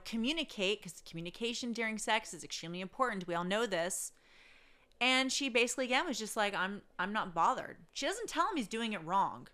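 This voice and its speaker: A woman telling a story in a casual rant, blunt and profane, swinging between loud outbursts and low asides. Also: smooth.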